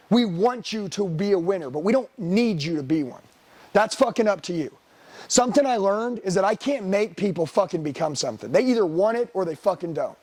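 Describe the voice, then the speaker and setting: A man's voice: high-pitched, darkish tone. A middle-aged man giving a blunt, profane motivational sales seminar talk, firing rhetorical questions at the room. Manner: profane, blunt, hard-driving. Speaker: sales trainer.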